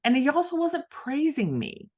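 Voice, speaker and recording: A woman's voice: high voice, normal speed. A middle-aged woman, an author and podcast guest, telling a story in conversation and acting out the voices of the people in it. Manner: animated, acts out quoted voices.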